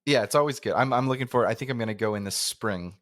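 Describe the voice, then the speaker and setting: A man's voice: medium pitch, quick pace, a bit bright, dry recording, studio quality. A Canadian man hosting a podcast interview, chatting casually, rambling and restarting his sentences and laughing easily. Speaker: podcast host.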